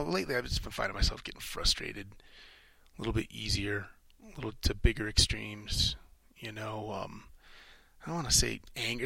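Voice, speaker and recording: A middle-aged man hosting a solo podcast, talking through his thoughts in a rambling, halting way with many restarts and casual swearing. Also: on the low side, vocal fry, bright, forceful tone, slightly rough, dry recording, rough recording. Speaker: podcast host. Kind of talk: solo reflective monologue.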